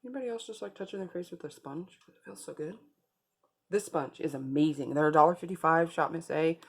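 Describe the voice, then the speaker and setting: A woman's voice: low-pitched, brisk, husky. A woman beauty vlogger talking viewers through a makeup tutorial in a casual, chatty way, speaking straight to them.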